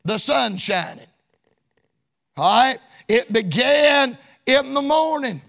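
Preacher guy shouting a sermon in sing-song rhythm, real high gravelly voice, folksy talk. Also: lively intonation, slow. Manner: folksy colloquial.

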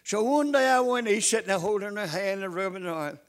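Older preacher, high voice, folksy sermon, hushed asides to loud exhortation. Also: male voice, expressive, brisk. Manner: repeats calls to the congregation. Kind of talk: sermon with storytelling.

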